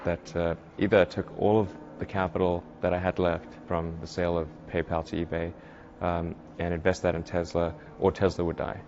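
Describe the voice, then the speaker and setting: A man answering interview questions in a halting way, with frequent restarts and stammers. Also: sits low, little pitch movement, darkish tone, slight background noise. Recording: dull lo-fi interview audio.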